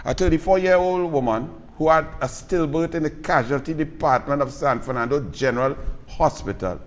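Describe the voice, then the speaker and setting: A man with a Trinidadian accent hosting a live political talk show, telling stories in lively Creole and mocking his opponents. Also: on the high side, normal speed. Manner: animated Creole storytelling, scornful toward opponents. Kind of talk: live political commentary and storytelling. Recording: long reverb.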